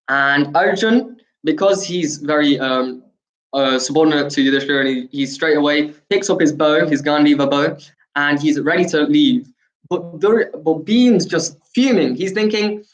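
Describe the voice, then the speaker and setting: A man, a spiritual teacher, giving an animated storytelling talk, acting out dialogue between frequent fillers. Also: fairly high pitch, normal speed, dull audio. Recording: echoey room.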